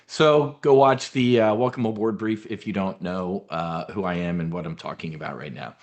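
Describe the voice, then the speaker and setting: A man's voice: deep voice, normal speed, few pauses. A middle-aged man hosting a live trading webinar, brash and blunt, swearing now and then and using military slang.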